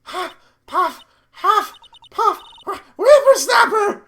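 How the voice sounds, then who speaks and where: Streamer doing a breathless, scolding old lady guard, high and jumpy, lively pitch. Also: measured pace, a little hiss or hum, exaggerated voice. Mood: huffing, cross. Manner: huffs and puffs between words, scolding. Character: wheezing cranky old woman security guard. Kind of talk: reading game dialogue aloud on stream.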